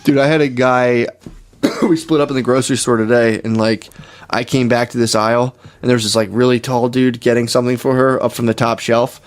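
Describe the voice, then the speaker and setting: A man's voice: medium pitch, level tone, a little fast. A man co-hosting a comedy podcast, telling rambling, profane stories in casual chat. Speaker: podcast co-host.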